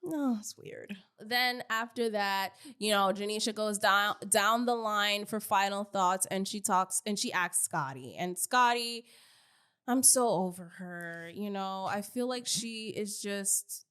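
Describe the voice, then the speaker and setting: A woman's voice: medium pitch, measured pace, fairly bright tone, clear, resonant tone. A woman co-hosting a gossip podcast, talking in an everyday mid-range voice. She sounds blunt and fed up, and she swears as she picks apart reality show cast members. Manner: blunt, exasperated, profane. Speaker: podcast co-host. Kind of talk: casual gossip podcast chat.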